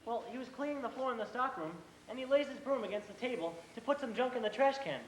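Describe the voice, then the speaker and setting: Teen guy doing a fired-up older brother in a school play, high voice, fast talker, echoey auditorium. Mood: indignant storytelling. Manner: animated storytelling, mimics his boss. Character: earnest eighteen-year-old older brother, hot-headed. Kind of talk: school stage play acting. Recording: echoey auditorium, faint hiss.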